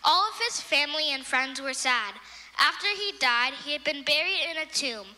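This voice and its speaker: A woman narrating a Bible story for children in a simple, clear storytelling manner. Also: high voice, lively intonation, moderate pace, sharp tone, in a large hall. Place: church.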